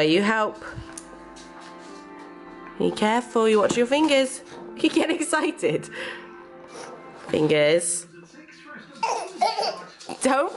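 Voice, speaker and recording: A young English woman vlogging at home, encouraging her baby with sing-song baby talk and chatting to the camera. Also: fairly low pitch. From Cheshire, England. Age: young adult. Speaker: vlogger and mother. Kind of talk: casual home vlog. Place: home living room.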